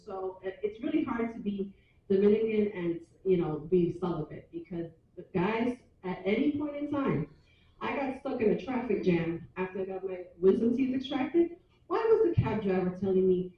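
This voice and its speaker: A woman's voice: medium pitch, animated, moderate pace, heavy reverb. A woman in her forties does a loose, chatty stand-up set, chuckling at her own lines. The sound is dull and far from the mic. A hum of room ambience sits behind her. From New York City. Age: 40s. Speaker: stand-up comic. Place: small hotel open mic room.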